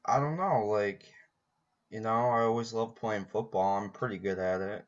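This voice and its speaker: A man with a low voice chats easily with a stranger, pausing now and then. His sound is dull and lo-fi, like a cheap webcam. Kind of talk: casual chat. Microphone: video chat. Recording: dull lo-fi video chat audio.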